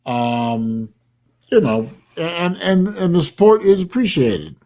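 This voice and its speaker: An older Florida man hosts a casual livestream chat, his voice a little high, sing-song and darkish as he takes things slowly. Tired and yawning, he rambles along with plenty of fillers.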